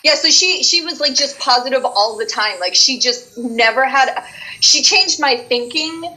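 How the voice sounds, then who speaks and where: A woman who works as a voice actress, chatting as a guest and telling stories in an effusive, animated way. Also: sits high, unhurried, low-quality recording. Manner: animated storyteller, effusive, many restarts. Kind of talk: casual interview chat.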